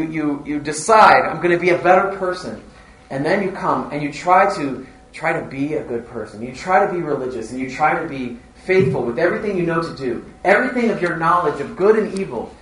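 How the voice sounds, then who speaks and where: A man's voice: a little high, fairly bright tone, slight background noise. A man preaching a sermon in an earnest manner, driving points home through repetition. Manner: earnest, repetitive emphasis, rising and falling delivery. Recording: roomy echo, heard from a distance, faint ambience.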